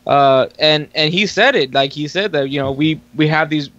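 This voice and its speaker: A man's voice: a little high, normal speed, a bit bright, no echo. A man co-hosting a casual sports talk show, rambling through his point with many restarts. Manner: rambling, full of restarts and fillers. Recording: dry, dull lo-fi audio.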